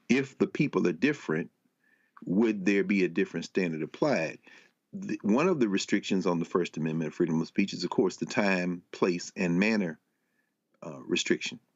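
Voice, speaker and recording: A man with a deep voice giving panel commentary in a measured, explanatory, legalistic way. His audio is dry and dull, like a lo-fi remote feed. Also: dry recording.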